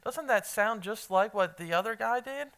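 A man's voice: sits high, lively intonation, normal speed, fairly bright tone. A man preaching an evening sermon in a conversational, emphatic way, quizzing his congregation. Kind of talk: evening sermon with Bible reading.

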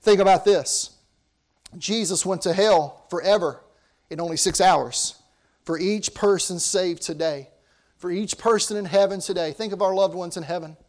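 A man preaching a sermon, earnest, rising to emphatic lines and sinking to hushed ones. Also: high voice, normal speed.

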